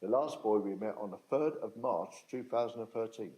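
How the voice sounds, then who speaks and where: A man's voice: on the low side, brisk, highs cut off. An older man, telling his story to an audience in a blunt, plain-spoken, emphatic way. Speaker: speaker at a talk on restorative justice.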